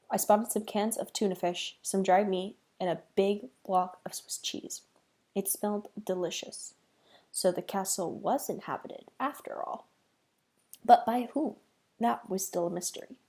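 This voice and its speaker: Woman reading a kids' book out loud, husky and a bit gravelly, dramatic pauses. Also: mid-range voice. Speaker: reader. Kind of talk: children's book read-aloud.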